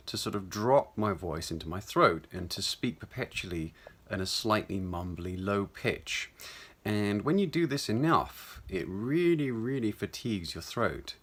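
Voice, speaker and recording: Lower-pitched English-accented male voice coach. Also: a bit bright. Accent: standard English. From South Wales. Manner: explanatory, conversational, with frequent restarts and asides. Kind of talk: instructional talk to camera.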